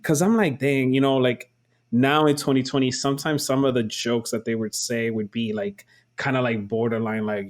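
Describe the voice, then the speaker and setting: A man's voice: medium pitch, steady tone, normal speed. Male podcast host, easygoing and slangy, casual conversation. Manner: laid-back, slangy. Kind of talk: casual chat.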